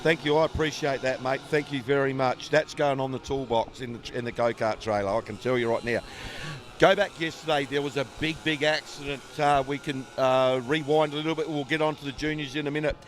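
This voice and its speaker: A man co-commentating a kart race swaps stories in a medium-pitched, steady voice, speaking fairly quickly. His casual trackside talk at the outdoor dirt track rambles along with fillers.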